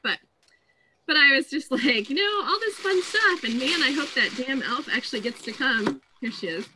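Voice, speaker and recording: A woman, chatting as co-host and telling animated stories about her family. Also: high voice, moderate pace, noisy background. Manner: chatty storyteller, quotes her kids in lively voices. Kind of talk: casual chat.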